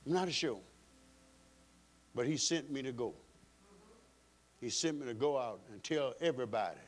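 A man's voice: medium pitch, normal speed. A male pastor preaching a sermon in an emphatic style, repeating phrases for stress.

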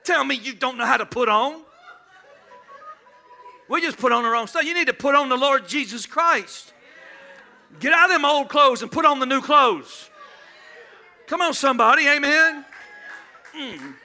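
A male pastor preaching a humorous sermon in church, shouting at times and calling for responses from the congregation. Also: sits high, fairly quick, vocal fry, pauses often.

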